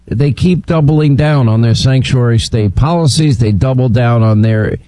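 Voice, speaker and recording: Brisk, emphatic male radio host. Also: mid-range voice, mellow, dry recording, low-quality recording. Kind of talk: talk radio hosting.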